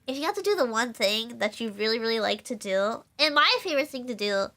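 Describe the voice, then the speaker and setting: A young woman VTuber chatting on a live stream, rambling without pausing and laughing often. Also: fairly high pitch, animated, sharp tone. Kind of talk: casual live-stream chat.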